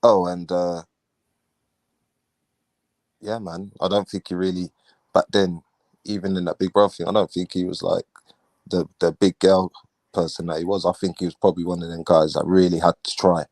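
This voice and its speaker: Deep-voiced man, slangy and mocking. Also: level tone, moderate pace, pauses often, a little mellow, no echo. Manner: laid-back, mocking, slangy, often acts out what others say. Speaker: host of a live talk stream. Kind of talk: casual chat.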